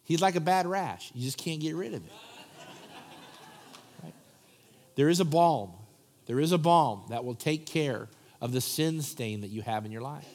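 A man preaching a sermon as pastor, talking conversationally and swinging from loud asides to soft, hushed prayer. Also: fairly high pitch, expressive, moderate pace, long pauses. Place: church sanctuary.

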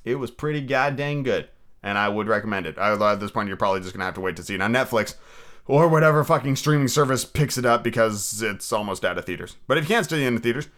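A man's voice: mid-range voice, fast talker. A man hosting a podcast, chatting casually about films and reading a classic story aloud. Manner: relaxed, swears casually. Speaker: podcast host.

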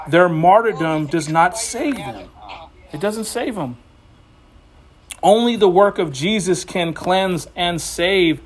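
A man with a notably high voice preaches to his church. He speaks in a loose, folksy way, scattering "you know" through his sentences as he goes from chatty remarks to reading scripture. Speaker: pastor. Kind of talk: conversational sermon. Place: church building.

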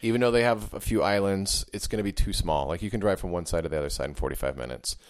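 Joking low-voiced man. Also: quick pace. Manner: joking, chatty. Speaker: podcast co-host. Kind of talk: casual chat.

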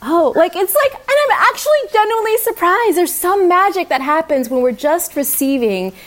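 A woman guest speaker talking warmly and animatedly on a video call, laughing often. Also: very high voice, lively intonation, normal speed. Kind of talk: heartfelt talk.

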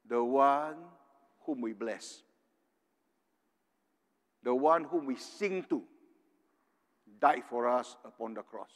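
Older preacher in a reverberant hall. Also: male voice, mid-range voice. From Singapore. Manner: earnest, tags points with "right?". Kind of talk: sermon.

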